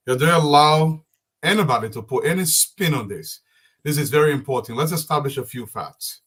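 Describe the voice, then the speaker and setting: A man arguing insistently as a panelist on a political talk show. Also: medium pitch. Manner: forceful, insistent, lecturing.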